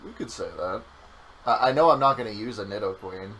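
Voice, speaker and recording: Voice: mid-range voice, a little fast, fairly bright tone, low-quality recording. A young adult game streamer in casual gameplay chat, teasing and swearing often. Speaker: game streamer playing through the game.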